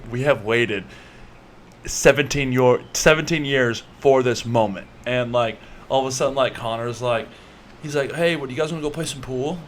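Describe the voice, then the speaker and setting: A man's voice: medium pitch, a little hiss or hum. A young man vlogging to camera, telling a story in a loose, rambling way full of fillers and acting the scene out. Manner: animated, acts scenes out with gestures and repeats.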